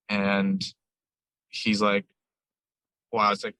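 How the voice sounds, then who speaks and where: A man's voice: fairly low pitch, monotone, a little slow, long pauses, sharp tone, clear, resonant tone, dry recording, low-quality recording. A man who owns a ramen shop, a guest on a podcast, telling a long story in a casual, rambling way and retelling conversations line by line. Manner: rambling, retells dialogue with many "I'm like".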